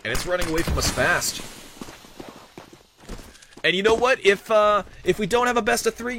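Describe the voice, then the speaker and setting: A man calling live esports play-by-play, energetic and full of jokes as he riffs off the cuff. His voice sits a little high and sounds bright and cutting, with faint noise in the background. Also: normal speed, long pauses. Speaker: esports commentator.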